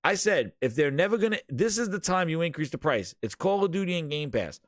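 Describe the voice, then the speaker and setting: A man co-hosting a casual gaming podcast, ranting in an animated way and often talking over his co-host. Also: a little high, a little fast, no room sound, studio quality.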